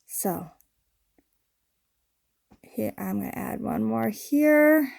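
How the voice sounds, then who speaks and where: Slow gravelly-voiced woman crafting. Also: on the high side, no echo, studio quality. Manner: slow, relaxed, with many ums and uhs. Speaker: scrapbooking channel host. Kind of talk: casual craft voice-over narration.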